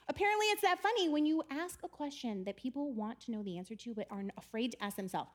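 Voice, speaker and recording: A woman giving a chatty, animated storytelling talk about faith, often laughing as she speaks. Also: high-pitched, fast talker, few pauses.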